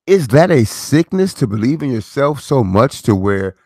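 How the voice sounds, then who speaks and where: With big pitch swings, a moderate pace, and a darkish mid-range voice, a middle-aged host holds forth on his own channel. The casual monologue is preachy, laced with rhetorical questions and repeated phrases, in studio quality with no room sound.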